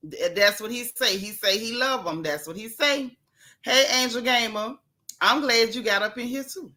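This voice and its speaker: A woman's voice: a little high, normal speed, bright, forceful tone. A woman from Central Florida hosting a live stream, giving casual gossip commentary in a sassy, blunt way and greeting her viewers by name as she talks. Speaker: livestream gossip host.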